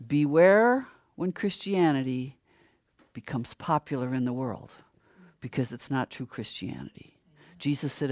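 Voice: animated, a little slow, no echo. Older preacher firing rhetorical questions. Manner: asks rhetorical questions and answers them; grows louder and higher when stirred. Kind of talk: sermon.

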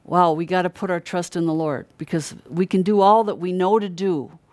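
Middle-aged preacher, conversational sermon, earnest, repeats key words for emphasis, mid-pitched, dry close recording. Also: steady tone, normal speed, a little mellow, dry recording. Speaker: Christian preacher.

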